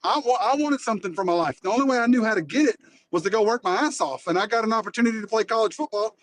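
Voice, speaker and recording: A man's voice: high voice, rapid-fire, dry recording. A man on a podcast panel, joking and telling stories in a casual group chat over an online call. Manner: joking, storytelling, loud bursts.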